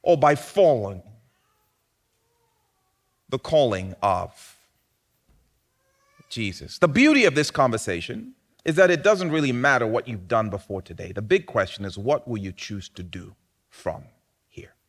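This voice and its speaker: A man delivering a sermon in a medium-pitched voice that swings widely up and down. He preaches with animation, rising to loud, emphatic peaks before dropping back to quieter, lower passages. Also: big pitch swings, measured pace, pauses often. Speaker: pastor.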